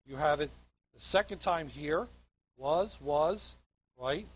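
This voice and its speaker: A man's voice: on the high side, takes it slowly, breathy edge. A man pastor preaching a sermon, reading scripture verses aloud and stressing key words emphatically.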